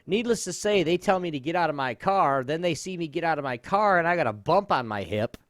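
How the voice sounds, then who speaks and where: A man's voice: a little high, brisk, no room sound. A man in his thirties co-hosting a casual comedy podcast, telling a story with plenty of swearing and laughter. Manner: animated storytelling, swears freely, laughs often. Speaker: podcast co-host.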